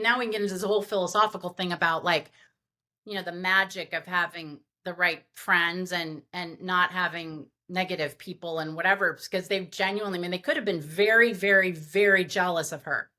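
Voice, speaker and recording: A woman event planner telling party stories as a podcast guest, animated and rambling with lots of fillers. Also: mid-range voice. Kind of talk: podcast interview storytelling.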